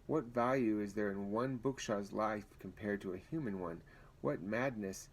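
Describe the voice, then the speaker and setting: A stern, scornful woman leader, as a man reads her lines aloud from a storybook, loud and scolding. His voice sits low even when he pushes it up for her. She spits her words with contempt. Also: moderate pace, lightly acted, rough recording.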